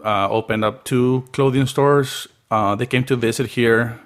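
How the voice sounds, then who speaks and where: A young man from Peru, a comedian guest, telling rambling, animated stories in a casual podcast chat. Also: mid-range voice, unhurried.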